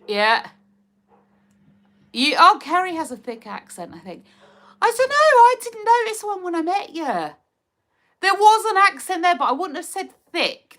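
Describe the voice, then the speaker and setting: This Hertfordshire woman's voice is very high with a fairly bright tone. As a livestream host, she reads viewer comments, chatting casually in her local English accent and giggling along the way.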